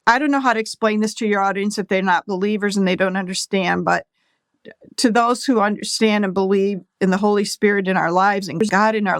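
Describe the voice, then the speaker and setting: An earnest middle-aged woman recounts a personal story as a guest. She speaks in a mid-range pitch and slows down when quoting others. The sound is close and dry. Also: no echo. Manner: earnest, acts out quoted voices with pauses.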